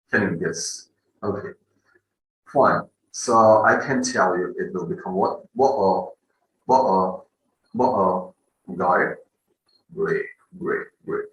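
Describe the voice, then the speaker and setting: Deep slow man teaching in an echoey room. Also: sharp tone. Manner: repetitive, fills with "okay" and "you know". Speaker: English pronunciation teacher. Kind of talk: online teaching lesson. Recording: echoey room, far from the mic.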